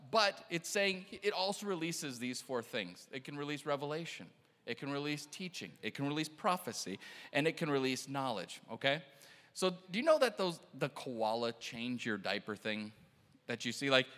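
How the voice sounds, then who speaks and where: Excitable preacher man in an echoey hall. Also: a little high. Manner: excitable, laughing, acts out quotes. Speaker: pastor. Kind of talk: animated sermon with storytelling.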